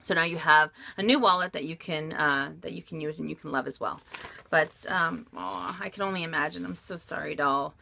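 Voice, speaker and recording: A woman's voice: low-pitched, fairly quick, gravelly, bright, forceful tone, a little hiss or hum. A woman vlogger answering viewer questions about luxury bags in frank, chatty talk with frequent laughs and fillers. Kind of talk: casual Q&A vlog chat.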